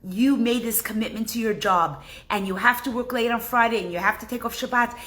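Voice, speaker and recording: A woman teaching a religious class, leading a slow, soothing meditation and lesson. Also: fairly high pitch, a bit bright.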